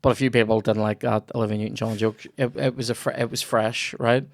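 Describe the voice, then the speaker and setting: A man's voice: mid-range voice, flat delivery, fast, gravelly, no echo, clean studio sound. A young Northern Irish man tells a long, rambling story as the host of a casual chat. He swears freely, restarts his sentences and keeps a middling voice. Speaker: comedian podcast host.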